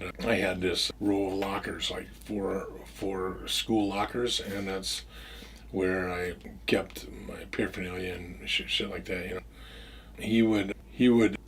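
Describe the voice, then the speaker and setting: A middle-aged man with a fairly low voice tells a long story in a loose, rambling way. He swears freely, trips over his words and starts sentences again, and acts out what each person said. A faint hiss sits under the recording. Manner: rambling and profane, with many restarts, acting out both sides of old conversations. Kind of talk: casual first-person storytelling.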